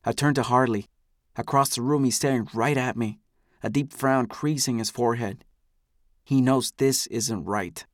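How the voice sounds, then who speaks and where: A man reading first-person scripted narration for an audiobook in a measured, even manner. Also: medium pitch, dry recording, clean studio sound.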